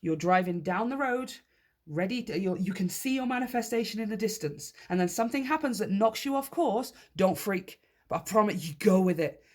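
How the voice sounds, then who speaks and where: A woman giving a tarot reading to her viewers, emphatic and animated, often checking in with them. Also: medium pitch, a little fast. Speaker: tarot reader. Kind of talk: direct-to-camera tarot reading.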